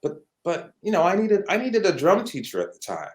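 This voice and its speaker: A middle-aged man from Canada, a guest musician telling stories in a conversational, animated way. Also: high voice, a little fast. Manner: animated, acts out quoted voices. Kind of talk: conversational storytelling. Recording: echoey room.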